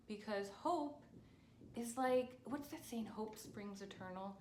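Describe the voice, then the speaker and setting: A woman's voice: on the high side, slow pace, fairly bright tone. A woman in her forties talking casually to camera in an earnest, chatty way, with many fillers. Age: 40s. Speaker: vlogger. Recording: echoey room with faint noise.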